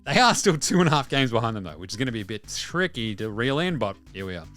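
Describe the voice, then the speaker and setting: A man's voice: medium pitch, sing-song, fast talker, a bit bright, soft background music. An Australian man hosting a basketball podcast, talking in rambling, blunt, sweary casual commentary. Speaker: podcast host.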